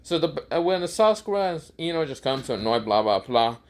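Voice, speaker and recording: Male storyteller, improvised fan fiction, lively pitch, casual and cursing. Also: a little fast. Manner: animated, swearing, laughing often.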